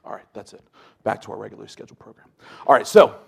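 A man preaching a casual, conversational sermon, telling stories with lots of fillers and swinging between loud bursts and hushed asides. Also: fairly low pitch, very animated, very fast, gravelly, slightly rough. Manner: chatty with many fillers.

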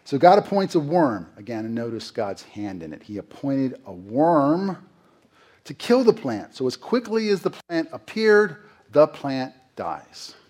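A man's voice: medium pitch, sing-song, a little slow, darkish tone. A middle-aged man preaching a sermon in a conversational way, asking the congregation questions and acting out quotes. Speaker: pastor.

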